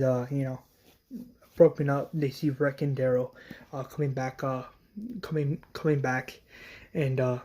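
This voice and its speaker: A man's voice: mid-range voice, darkish tone. A man casually retelling a story, rambling with fillers and acting out characters.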